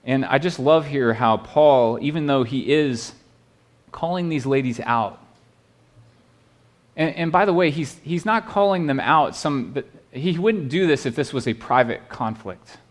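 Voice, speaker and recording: A man's voice: mid-range voice, animated, unhurried. A man preaching a sermon as a pastor, earnest and pleading, often restarting his words and checking in with "right?".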